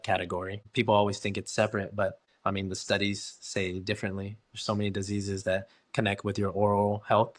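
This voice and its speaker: This guest's voice sits on the low side with a bit of brightness. A dental hygienist, he talks casually and easily about his work in an interview, chatting freely and acting out quoted voices.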